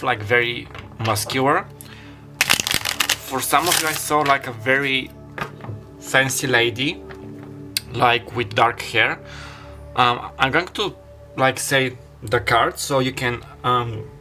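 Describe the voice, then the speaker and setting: A man talks casually through a tarot reading in a bright, forceful voice, rambling and dropping "like" into nearly every phrase. His pitch sits in a middle range for a man. Faint music plays underneath. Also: a little slow. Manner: rambling, filler-heavy, says "like" constantly. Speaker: tarot reader. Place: room with an open window.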